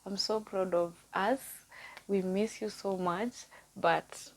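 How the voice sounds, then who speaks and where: A woman speaking in a personal vlog, earnest and heartfelt, sometimes dropping to a hush and sometimes chatty and upbeat with her viewers. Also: medium pitch, steady tone, slow pace, poor audio. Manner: heartfelt and earnest, with soft, hushed stretches. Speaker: vlogger and nutrition coach. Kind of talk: personal vlog talk to camera.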